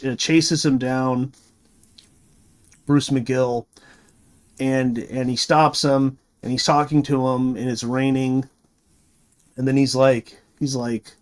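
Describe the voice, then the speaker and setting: A man's voice: medium pitch, steady tone, unhurried. A man reviewing a movie, retelling the plot in a rambling, casual way full of fillers and restarts.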